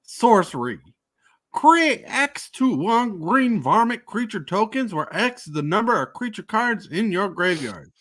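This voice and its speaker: A man doing a hammy, high Southern drawl. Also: very animated, fairly bright tone, exaggerated voice. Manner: exaggerated, drawn-out reading.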